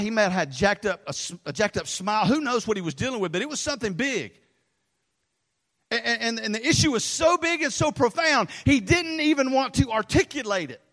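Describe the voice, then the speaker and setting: Pastor guy, middle-aged, high voice, rambling animated sermon, big echoey church hall. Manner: rambling, animated storytelling, drops low for asides. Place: church sanctuary. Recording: long reverb of a large hall.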